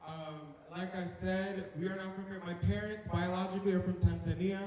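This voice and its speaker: A man's voice: high voice, fairly even intonation, fairly quick, a little mellow, slight background noise. A young man from North Carolina doing playful, chatty stand-up comedy on a stage mic, teasing the audience. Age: young adult. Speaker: stand-up comic. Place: large echoing hall on stage. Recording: echoey hall reverb.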